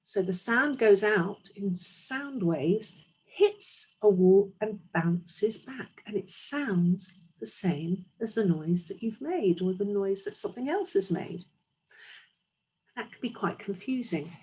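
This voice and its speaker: A woman's voice: mid-range voice, animated, takes it slowly, darkish tone, husky, rough recording. A woman teacher reading a storybook aloud to young children, explaining as she goes.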